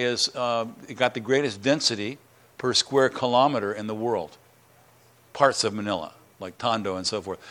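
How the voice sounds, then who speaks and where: A middle-aged man preaching a sermon in church, earnest and emphatic, repeating words and rising in pitch on key lines. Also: a bit bright. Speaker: pastor. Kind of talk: sermon and prayer.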